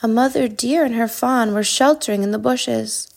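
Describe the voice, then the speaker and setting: A woman narrating a children's storybook in a calm, soothing way. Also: on the high side, moderate pace, gravelly.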